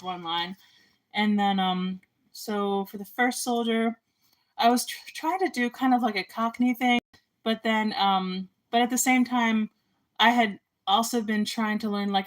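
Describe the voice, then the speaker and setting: Young woman, casual chat, rambling, filler-heavy, middle-pitched voice, indie filmmaker. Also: low-quality recording. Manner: rambling, chatty, lots of ums and likes. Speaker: amateur filmmaker and artist.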